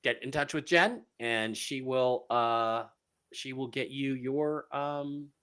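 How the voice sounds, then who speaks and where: A man's voice: mid-range voice, slow pace, clear, resonant tone. A man hosting a live-streamed talk show, reading out giveaway winners in a casual, repetitive way with many fillers. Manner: animated, repeats phrases, many fillers. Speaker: show host.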